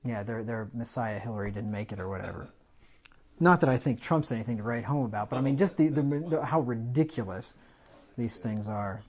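A man's voice: mid-range voice, a little fast. Lo-fi conversational male preacher. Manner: conversational, loud swells when quoting scripture. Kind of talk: expository sermon.

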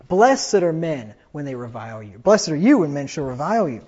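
A man with a high voice preaches a fiery sermon, reading scripture and mocking his critics. The recording is dull and lo-fi, like a church tape. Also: big pitch swings, fairly quick, few pauses, darkish tone. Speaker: pastor.

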